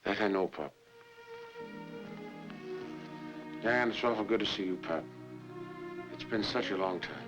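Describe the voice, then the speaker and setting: An actor playing a blustery cavalry sergeant in a 1960s sitcom, speaking slowly with a brash manner. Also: male voice, lowish voice, lo-fi sound, close to an everyday voice. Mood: tender. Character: scheming cavalry sergeant, fond son. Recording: 1960s TV film print with loud music.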